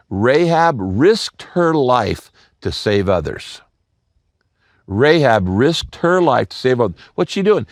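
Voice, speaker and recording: An older male pastor delivers a sermon in a storytelling way, playing the people in his stories and repeating his main points. His voice sits at a middling pitch. The sound is dry and close, with little room echo. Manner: storytelling preacher, acts out quoted voices, repeats key lines.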